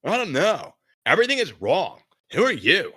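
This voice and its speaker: A man voicing a shaken, confused young male secretary, telling what happened in a high, strained, halting way. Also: huge pitch swings, pushed and bright, full character voice.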